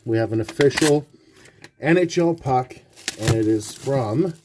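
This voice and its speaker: A man hosting a card-collecting vlog, chatty and rambling, swinging from hushed awe to loud excited outbursts. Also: medium pitch, unhurried, background noise. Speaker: card-collecting channel host.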